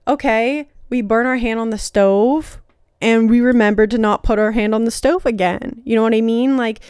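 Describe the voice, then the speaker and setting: Young woman hosting a casual self-help podcast, talks loosely with lots of fillers, pitched a bit high. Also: clear, resonant tone, no room sound, studio quality. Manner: chatty, heavy use of "like" and "you know". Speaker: podcast host.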